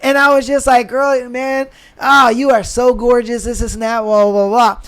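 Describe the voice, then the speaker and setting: A man co-hosting a podcast, telling a profane story in a casual, animated way with lots of fillers. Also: extremely high pitch, normal speed, clean tone. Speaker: podcast co-host. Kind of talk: casual chat.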